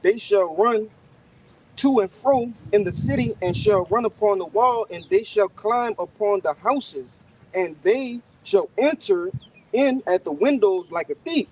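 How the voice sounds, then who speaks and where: A man leading a casual scripture discussion, reading verses slowly and solemnly, then chatting loosely. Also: sits high, expressive, darkish tone, a little hiss or hum, rough recording.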